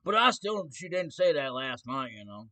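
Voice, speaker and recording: A man's voice: on the high side, sing-song, moderate pace, bright, forceful tone. A man ranting on his own stream in a casual way, sarcastic, defiant and mocking.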